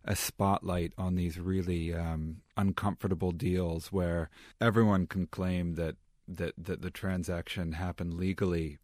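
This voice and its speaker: A man speaking as a guest analyst in a studio discussion, emphatic and halting, with many restarts. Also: sits low, a little mellow, no echo.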